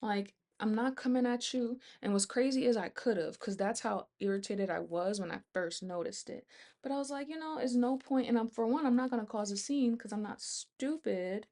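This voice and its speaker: A woman's voice: mid-range voice, moderate pace, a little mellow. A young woman vlogger telling a casual storytime, animatedly retelling a work conflict with quoted dialogue.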